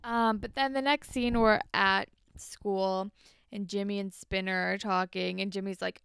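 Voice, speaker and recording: A woman's voice: medium pitch, unhurried, gravelly, a bit bright, clean tone, dry recording, clean studio sound. A young woman co-hosting a podcast, chatting casually and acting out characters' lines. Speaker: podcast co-host. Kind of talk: casual recap chat. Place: New York.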